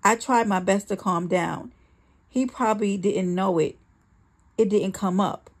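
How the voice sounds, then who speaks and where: A woman narrates a first-person memoir in a dramatic, earnest way. Her voice has a gravelly fry at mid pitch. It is a steady audiobook reading. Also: a little slow. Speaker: audiobook reader.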